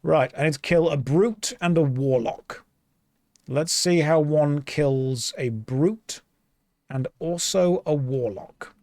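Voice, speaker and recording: An English man rambles and jokes as he plays an online game, thinking aloud between moves. His voice sits a little high for a man. The sound is close and dry. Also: slow, a little mellow, no room sound. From England. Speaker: streamer playing an online game. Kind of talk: casual gameplay chat.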